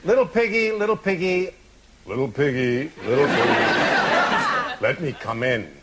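A man's voice: medium pitch, animated, moderate pace, crowd noise, background noise, voice pushed down, lightly acted. A man playing a big, bad, greedy male wolf with hammy, mock-polite sing-song delivery before a laughing audience. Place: comedy stage. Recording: loud live audience laughter.

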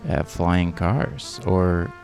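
Man, podcast co-host, very deep voice, slow measured talk, gravelly fry. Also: animated, darkish tone. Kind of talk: casual chat.

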